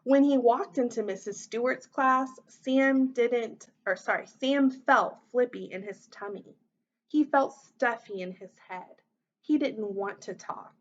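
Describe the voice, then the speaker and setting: A woman teacher reading a children's story aloud, voicing the characters with big expressive lifts in pitch. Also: takes it slowly, muffled recording.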